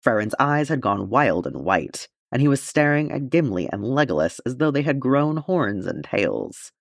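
A man reading fan fiction aloud as an audiobook in an expressive, measured manner. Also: medium pitch, creaky, no echo, studio quality. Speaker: audiobook reader.

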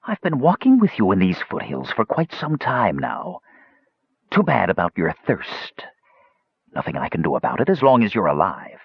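A man gives voice to a bodiless dead wizard who hisses and rasps his threats, drawing each word out slowly and mockingly. The low, husky tone has swooping turns and sounds dull and muffled. This is audiobook character acting. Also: huge pitch swings, dry recording, heavily acted. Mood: menacing. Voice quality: rasping, hissing.

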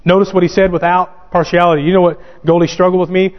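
A man's voice: high voice, little pitch movement. Male preacher in an echoing hall. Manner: preaching with rising emphatic calls and pauses; reads scripture aloud in King James wording. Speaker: pastor. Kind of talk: sermon. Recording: dull sound with long hall reverb.

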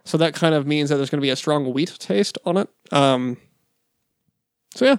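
A man's voice: fairly high pitch, normal speed, clear, resonant tone, no echo, clean studio sound. A man co-hosting a casual beer review podcast, rambling and hesitant, often laughing. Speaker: podcast co-host. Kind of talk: casual chat.

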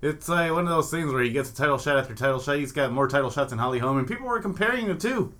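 Bright-voiced joking young man. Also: fairly high pitch, animated, rapid-fire. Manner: joking, sarcastic, profane. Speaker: podcast co-host. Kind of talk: casual sports chat.

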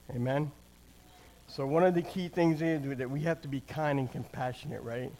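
There's slight background noise as an older church speaker, his voice a little high and dark in tone, gives a plain-spoken sermon and testimony at a moderate pace. He often restarts phrases and keeps asking the crowd "amen?" and "right?"

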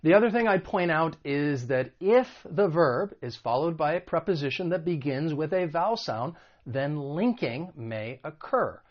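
A man teaching English vocabulary in an online video lesson. He explains patiently and slowly, giving examples as he goes. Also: on the high side, expressive, dull audio.

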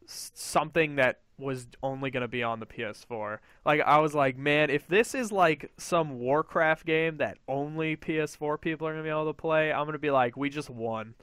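A man hosting a casual gaming podcast, excitable and swearing freely as he acts out what others said. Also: fairly high pitch, normal speed, few pauses, clean tone, dry recording. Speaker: podcast host.

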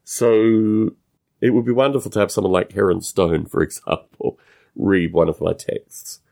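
Male podcast host with a non-American English accent, solo monologue, low and gravelly, thinks aloud with restarts. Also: warm tone. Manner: musing, halting, with frequent restarts.

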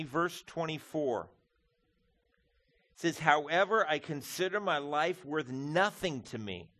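A middle-aged man preaching from the pulpit in an easy, conversational way. His voice sits in an ordinary middle pitch. He drops low and soft for reflection, then rises and gets loud for emphasis. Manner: conversational, addresses listeners as folks. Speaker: pastor. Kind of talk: sermon.

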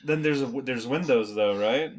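A man's voice: mid-range voice, moderate pace, crowd noise. A man playing a tabletop game, joking and arguing casually and laughing often. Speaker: player.

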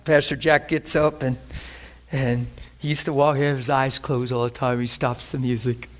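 A man preaching a sermon, telling a personal testimony in an animated way, often laughing as he speaks. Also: medium pitch, normal speed. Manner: animated, laughing testimony with sudden shifts between hushed and excited. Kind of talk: sermon storytelling.

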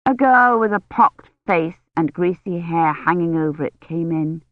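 An audiobook narrator reading a novel in an even, clear storytelling manner. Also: medium pitch, no echo, phone-quality sound. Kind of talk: scripted narration.

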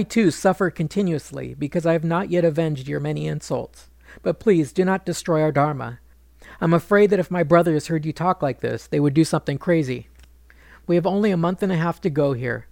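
A man's voice: fairly high pitch, a little fast, creaky, darkish tone, dry recording, studio quality. A man voicing a mighty warrior husband who is fierce and devoted, speaking in vows and threats. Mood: tender.

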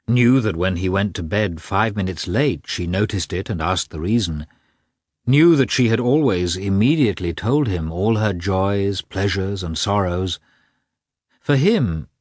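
A man reading a classic novel aloud as an audiobook narrator, with an expressive delivery. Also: fairly low pitch, slightly rough, dry recording, clean studio sound. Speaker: audiobook reader.

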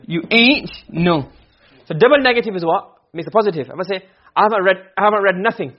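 Quick, husky male grammar teacher. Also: high-pitched. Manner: quizzing students with quick questions. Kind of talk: classroom lesson. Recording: muffled lo-fi classroom recording.

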